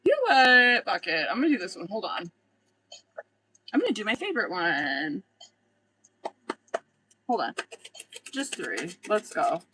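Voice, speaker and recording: A woman's voice: mid-range voice, very animated, measured pace, long pauses, sharp tone, breathy edge, rough recording. A young adult woman doing a casual live tarot reading, blunt and chatty, swearing freely and laughing often. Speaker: tarot reader.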